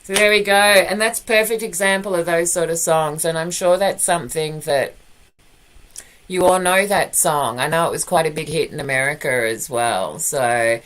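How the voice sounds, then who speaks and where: A woman's voice: low voice, normal speed, fairly bright tone, a little hiss or hum. A woman with an Australian accent chatting playfully between songs on a live stream from home, laughing often. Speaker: live-stream host and performer.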